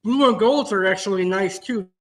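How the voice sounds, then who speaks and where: A man's voice: high voice, normal speed. A man hosting a casual chat, adding brief upbeat remarks. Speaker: host.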